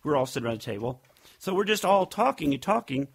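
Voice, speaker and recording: A man's voice: on the high side, very animated, fast, creaky, breathy edge. A man co-hosting a casual podcast, telling rambling stories and acting out what people said. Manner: rambling storyteller, acts out quotes. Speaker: podcast co-host. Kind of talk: casual chat.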